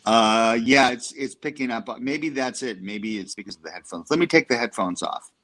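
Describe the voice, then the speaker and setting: A man's voice: medium pitch, normal speed, a bit bright, no echo. A man talking on his iPhone with headphones in a casual video call chat, puzzled and hesitant.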